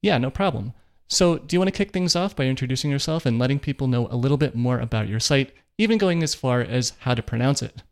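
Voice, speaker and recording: A man's voice: mid-range voice, animated, quick pace. A man in a mid-range voice hosts a podcast interview, his questions easy and conversational. He keeps a friendly, casual tone as he steers the talk. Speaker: podcast host.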